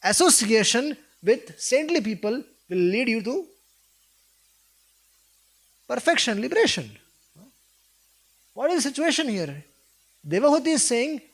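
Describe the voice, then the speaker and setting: A man's voice: very high-pitched, sing-song, measured pace, long pauses, fairly bright tone. A man giving a devotional talk, retelling a scripture story and voicing its characters with feeling. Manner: asks listeners questions. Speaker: preacher.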